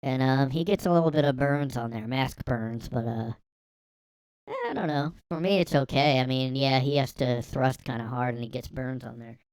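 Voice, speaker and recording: A man's voice: medium pitch, animated, normal speed, darkish tone, clear, resonant tone, dry recording, pitched above the performer's own voice, natural voice. Man voicing an oversharing young woman, rambling, breezy, dry sound.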